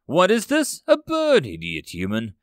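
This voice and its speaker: A man voicing a huge, menacing male alien titan soldier, deep and mocking, in an audiobook. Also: wildly swooping pitch, takes it slowly, dry recording, clean studio sound. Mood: scornful. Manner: mocking, contemptuous.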